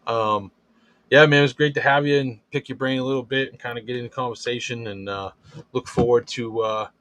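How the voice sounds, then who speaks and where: A man's voice: medium pitch, fairly even intonation, a little fast, fairly bright tone, dry recording. A man hosting a podcast in casual, loose chat, swearing freely and leaning on fillers. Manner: loose, profane, filler-heavy talk. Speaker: podcast host.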